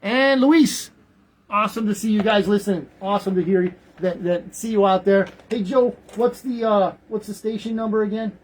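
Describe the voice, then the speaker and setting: A man's voice: high voice, normal speed, poor audio. A man hosting a talk radio show, rambling through the news in casual commentary, often repeating words.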